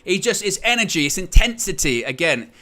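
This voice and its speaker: This man runs a live match watchalong, calling the action and reading out messages from viewers' chat. His high-pitched voice moves briskly, erupting loudly at goals before he calmly breaks things down.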